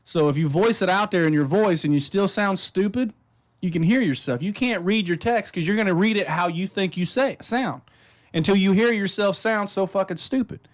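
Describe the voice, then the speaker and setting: A man's voice: sits high, moderate pace. A man co-hosting a casual talk show, blunt and profane, talking with heat about being called stupid. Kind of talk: casual chat.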